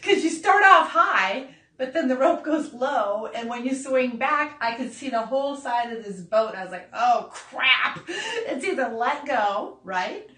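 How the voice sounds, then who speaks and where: A middle-aged woman hosting a podcast, telling a personal story in a casual, animated way, laughing and acting out voices as she goes. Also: on the high side, measured pace. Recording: echoey room, a bit far from mic.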